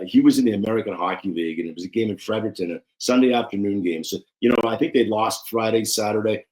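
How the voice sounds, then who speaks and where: A man, a former referee, talking casually as a guest in an interview and telling animated stories. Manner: animated storyteller, acts out quotes with raised pitch.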